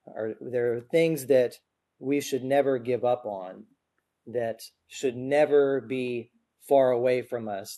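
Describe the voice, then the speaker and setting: A male guest preacher with a mellow, mid-range voice gives a conversational sermon to a congregation during a church service. He comes across as earnest and informal, adding light self-deprecating humor, and speaks into an adjustable microphone on a stand.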